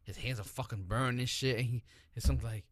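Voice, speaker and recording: A man co-hosting a casual chat about TV shows, animated and swearing, acting out characters as he tells the story. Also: medium pitch, a little fast, no echo, studio quality. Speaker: podcast co-host.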